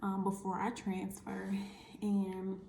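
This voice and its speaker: A woman's voice: mid-range voice, monotone, slow pace, creaky, darkish tone, echoey room, slight background noise. A woman, chatting to camera in a casual vlog and acting out the conversations she tells about. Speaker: vlogger.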